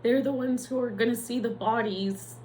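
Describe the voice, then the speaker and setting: A woman's voice: a little high, fairly even intonation, normal speed, darkish tone, a little hiss or hum, poor audio. A young adult woman, a nurse, speaking in a candid, profane and emotional personal vlog.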